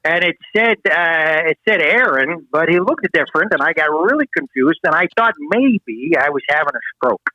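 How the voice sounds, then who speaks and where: Comedic call-in bit: a man doing a high, bright, rambling old uncle on a dull, muffled phone line. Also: expressive, normal speed, hardly any pauses, no room sound. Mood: rambling folksy. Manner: rambling, folksy, easily confused. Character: fussy old-school elderly uncle calling in. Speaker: caller.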